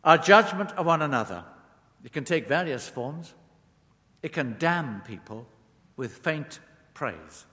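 A man's voice: on the high side, fairly bright tone. A man preaching a sermon, leaning on words with rising and falling emphasis. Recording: long reverb of a large hall.

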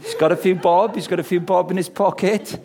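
A man giving a lunchtime Bible talk with lively, jokey emphasis. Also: sits high, a little fast, vocal fry. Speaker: preacher. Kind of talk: lunchtime sermon.

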